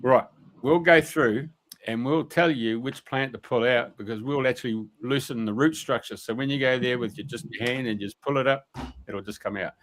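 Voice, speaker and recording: A man's voice: medium pitch, moderate pace, a bit bright, natural voice. A man voicing a stern, commanding male elf king who bluntly lays down terms.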